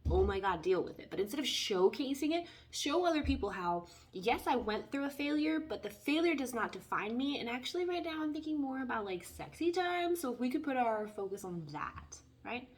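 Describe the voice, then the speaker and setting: A young woman with a fairly high voice talks through a tarot spread in a loose, chatty way. She is playful and animated, jumping between advice and little jokes as she reads the cards. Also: fairly quick, few pauses. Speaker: tarot reader. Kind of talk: casual spoken tarot reading.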